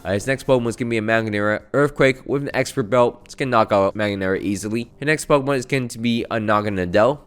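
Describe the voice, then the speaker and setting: Low-voiced man recapping a game run. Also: fast talker, few pauses, clean tone. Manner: chatty, self-mocking, rattles through battle moves. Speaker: gaming channel host. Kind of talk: casual gameplay recap commentary.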